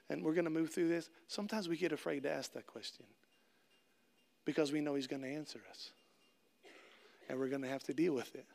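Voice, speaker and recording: A man's voice: on the high side, vocal fry. A middle-aged man preaching a conversational sermon, asking the congregation questions and acting out little scenes with jokes. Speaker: pastor.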